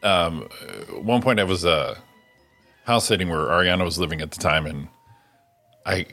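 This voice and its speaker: A man's voice: low voice, moderate pace, sharp tone, soft background music. A middle-aged man co-hosting a morning radio show in casual chat, laughing often and chiming in with jokes. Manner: laughs often, jokey interjections.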